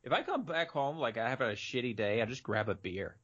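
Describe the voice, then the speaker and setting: A man's voice: mid-range voice, expressive, fairly quick, a bit bright. A man co-hosting a podcast, chatting casually with dry, teasing banter and casual swearing. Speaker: podcast co-host. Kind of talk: casual chat. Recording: dull lo-fi recording.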